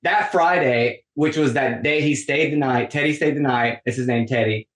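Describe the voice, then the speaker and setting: A man in casual podcast chat, pitched in the middle for his sex, who tells a long story and acts out the lines of the people in it. He says "like" constantly. The room gives his voice a roomy echo. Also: moderate pace. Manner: animated storytelling, acts out quoted dialogue, frequent "like". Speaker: podcast guest.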